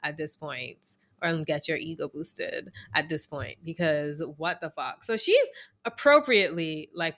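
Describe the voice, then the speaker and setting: A woman's voice: on the low side, unhurried. A woman co-hosting a podcast, recapping casually and expressively, swearing and acting out what people said. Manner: expressive storyteller, acts out voices, swears. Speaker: podcast co-host. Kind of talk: casual chat.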